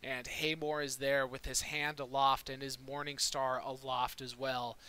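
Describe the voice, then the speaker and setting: A man's voice: mid-range voice, flat delivery, a little slow, bright, forceful tone, smooth. A man running a tabletop game as dungeon master, narrating combat in a casual, rambling way. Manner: casual, rambling, with fillers and restarts.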